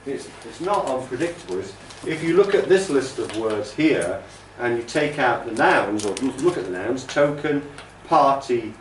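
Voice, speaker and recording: A man's voice: medium pitch, a little hiss or hum. A man teaching a training class, explaining patiently and stretching words out to show their stress. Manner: patient and explanatory, exaggerates word stress in demonstrations. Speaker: TESOL course trainer. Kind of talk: classroom lecture. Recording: roomy classroom echo.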